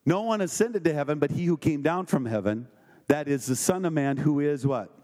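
A man preaching a sermon, reading scripture aloud and checking in with the congregation with quick questions. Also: fairly high pitch, expressive, warm tone. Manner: conversational, with emphatic questions to the congregation.

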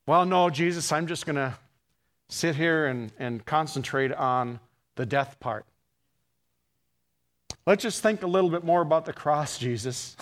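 Brief: male preacher, fairly high-pitched voice, hushed storytelling that swells into fervent peaks. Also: measured pace, pauses often. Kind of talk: storytelling sermon.

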